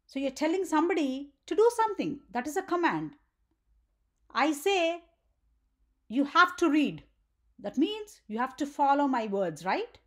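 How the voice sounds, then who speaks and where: A woman teaching a grammar lesson for children, often checking in with "right?" and asking the viewer questions. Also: sits high.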